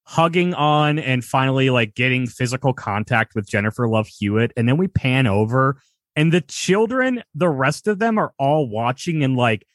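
A man's voice: medium pitch, animated, moderate pace, no echo, clean studio sound. A man co-hosting a casual podcast, cracking crude jokes and laughing while recapping a film. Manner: swearing, joking, laughing. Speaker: podcast co-host.

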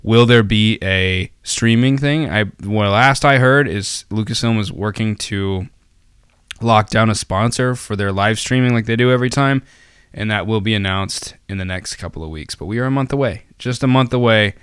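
A man's voice: on the low side, normal speed, fairly bright tone, smooth, dry recording, studio quality. A man hosting a casual podcast, rambling with many fillers and restarts and tossing in jokey asides. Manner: jokey, self-deprecating asides. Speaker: podcast host.

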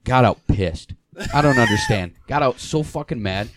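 A man's voice: mid-range voice, animated, normal speed, background noise. Laughing rambling man telling a story. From Michigan, US. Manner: rambling, laughs through his stories, swears freely. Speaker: podcast host. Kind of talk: casual podcast chat.

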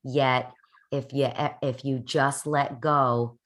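A woman hosts a podcast in a relaxed, chatty way and responds with effusive praise. Her voice sits very low. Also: takes it slowly. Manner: warm, effusive, affirming. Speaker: podcast host. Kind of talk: casual chat.

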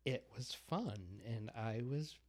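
A middle-aged man from Massachusetts with a Boston accent, chatting as a podcast guest in an animated, self-deprecating way. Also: medium pitch, slow. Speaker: guest, floral designer. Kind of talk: casual podcast interview.

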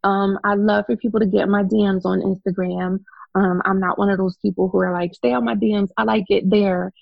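A woman's voice: medium pitch, level tone, brisk, creaky, dry recording, muffled recording. A woman, a life coach, talking frankly and laughing often as a guest in an interview. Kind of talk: casual interview conversation.

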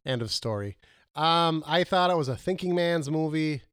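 A man's voice: on the high side, animated, moderate pace, fairly bright tone, smooth, no room sound, clean studio sound. A man co-hosting a casual movie review chat, rambling and losing his words mid-sentence.

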